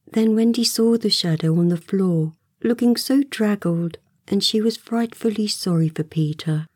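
A woman narrating a storybook aloud in a gentle, expressive way, sometimes dropping to a soft whisper. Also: mid-range voice, moderate pace, hardly any pauses, husky, no room sound, studio quality. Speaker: audiobook narrator.

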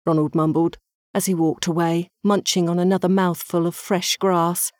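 A woman calmly reading a children's story aloud. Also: lowish voice, moderate pace, no room sound, clean studio sound.

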